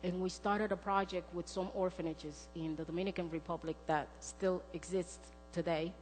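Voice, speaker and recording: A woman's voice: fairly low pitch, fairly even intonation, normal speed, a little mellow. A middle-aged woman giving a sermon with a personal testimony, earnest and storytelling in manner. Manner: earnest, storytelling, acts out quoted dialogue. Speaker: speaker. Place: church sanctuary. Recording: long church reverb, faint music.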